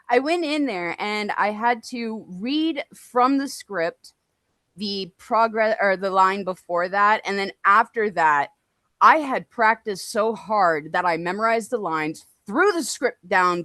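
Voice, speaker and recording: A woman's voice: mid-range voice, takes it slowly, no echo. A woman guest on a livestream, telling a personal story in a sarcastic, passionate and self-mocking way. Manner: animated and self-mocking, laughs often. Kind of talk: casual storytelling chat.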